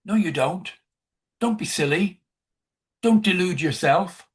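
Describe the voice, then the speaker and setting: A man's voice: sits high, lively intonation, slow pace. A man voicing a nagging inner voice of self-doubt, dismissive and scolding.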